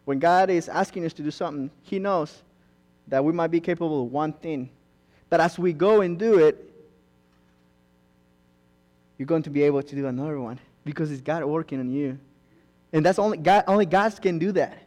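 A man's voice: sits high, normal speed, a little mellow. A young man preaching a sermon, earnest and rising to emphatic bursts, acting out quoted asides. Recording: long hall reverb.

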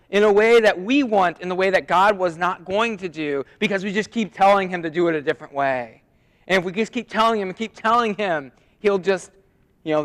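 A man preaching a sermon as pastor, dramatic, dropping to a hush and rising loud as he reads scripture. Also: a little high. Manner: dramatic, swings from hushed to loud when reading scripture. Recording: long reverb of a hall.

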